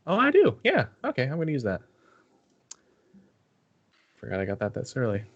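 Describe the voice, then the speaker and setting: A man's voice: medium pitch, wildly swooping pitch, moderate pace, dry recording, lo-fi sound. A man playing in a tabletop game, chatting casually with laid-back, brief replies. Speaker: player.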